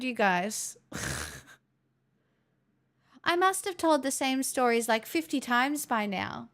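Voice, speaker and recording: A woman's voice: high voice, lively intonation, takes it slowly, pauses often, a bit bright. A young woman live streaming on a headset mic, chatting to her viewers in a giggly, rambling, self-mocking way. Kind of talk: casual chat with stream viewers.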